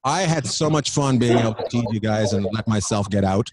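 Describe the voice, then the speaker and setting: A brisk, medium-pitched man performs crowd-work stand-up in a studio. He teases audience members with loose, profane riffs, and loud laughter fills the recording throughout.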